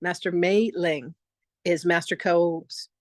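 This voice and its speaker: A woman's voice: fairly low pitch, slow pace, no room sound. Woman host, chatty storyteller, dry close video-call sound. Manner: chatty, animated, acts out quotes in a lively voice. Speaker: spiritual teacher hosting a free online masterclass. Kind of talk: casual storytelling on a live video session.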